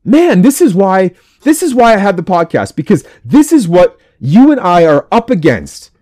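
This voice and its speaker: A man's voice: high-pitched, very animated, moderate pace, dark tone, no echo. A man hosting a podcast, preaching to men in a fiery, emphatic way and repeating his phrases for force. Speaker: podcast host.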